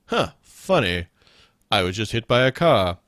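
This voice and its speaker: Comedy bit: a man doing a calm, polite deer in a dry, close voice, speaking in a formal, matter-of-fact way. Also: lowish voice, measured pace, no echo. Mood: deadpan. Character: dazed male deer, oddly polite and calm.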